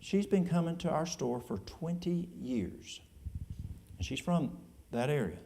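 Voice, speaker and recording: Church elder, male, East Tennessee Appalachian accent, folksy and plain-spoken, dark gravelly tone. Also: on the high side, expressive, a little slow, slight background noise. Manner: folksy, plain-spoken, drawling with colloquial speech. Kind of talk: answering audience questions in church.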